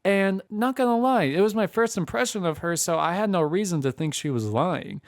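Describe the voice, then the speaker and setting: A man's voice: high voice, lively intonation, a little fast, dry recording, studio quality. A young man telling a casual storytime tale, chatty, acting out what people said. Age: young adult.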